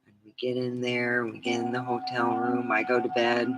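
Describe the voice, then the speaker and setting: A woman's voice: rumbling low, completely flat delivery, normal speed, loud music behind the voice, poor audio. A middle-aged woman vlogging in a casual, rambling chat, swearing freely and laughing at her own stories.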